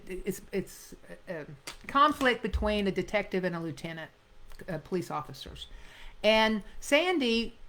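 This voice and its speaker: A middle-aged woman teaching actors in a script analysis class. She speaks emphatically and slips into quick line readings to make her points. Her voice sits at an ordinary mid pitch for a woman. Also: fairly bright tone. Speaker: acting coach.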